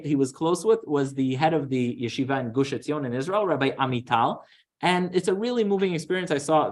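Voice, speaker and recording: Guy rabbi giving a shul lecture, earnest, lots of uh and restarts, goes low and quiet telling stories. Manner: earnest, many fillers and restarts, drops low for quoted stories. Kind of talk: synagogue lecture storytelling. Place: synagogue lecture room.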